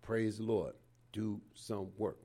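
A man's voice: lowish voice, steady tone, slow, warm tone. A man in his seventies preaching an informal sermon in a folksy way, dropping in "praise the Lord" again and again. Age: 70s.

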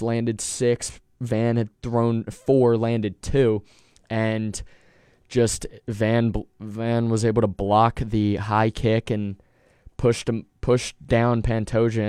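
A man's voice: on the low side, warm tone, clear, resonant tone, no echo, studio quality. A young man hosting a college radio sports show, talking casually and rambling. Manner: rambling, with restarts and fillers.

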